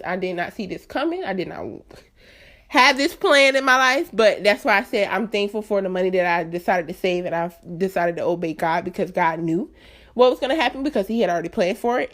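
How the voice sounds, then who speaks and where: Candid woman in her late twenties. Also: mid-range voice. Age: late 20s. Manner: earnest, emphatic, chatty, addresses listeners directly. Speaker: podcast host. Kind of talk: candid solo podcast talk.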